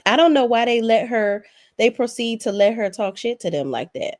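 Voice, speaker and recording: A woman's voice: a little high, moderate pace, darkish tone. A woman giving a casual, blunt recap of a reality show, talking sassily and with plenty of profanity, as if speaking straight to the cast. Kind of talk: casual opinionated recap commentary.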